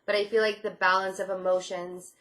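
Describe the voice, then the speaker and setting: A woman's voice: mid-range voice, little pitch movement, brisk, a bit bright. A woman giving a casual tarot reading, reassuring and repeating herself, often saying she feels things. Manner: reassuring, repeats phrases, many "I feel like" fillers. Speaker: tarot reader.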